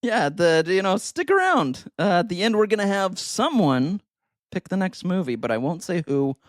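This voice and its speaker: A man from New Zealand co-hosting a casual podcast, joking and full of quick asides. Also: high-pitched, no echo, clean studio sound. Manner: lively, jokey, quick asides. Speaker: podcast co-host.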